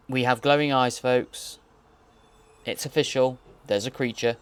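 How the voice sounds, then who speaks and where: A man's voice: mid-range voice, steady tone, a little slow, clean tone, no echo. Male host, wry and jokey, rambling horror episode commentary.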